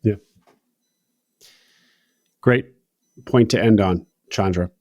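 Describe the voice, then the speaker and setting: A man's voice: on the low side, takes it slowly, a little mellow, dry recording, muffled recording. A man hosting a business interview podcast, asking long rambling questions in an upbeat way. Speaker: podcast host.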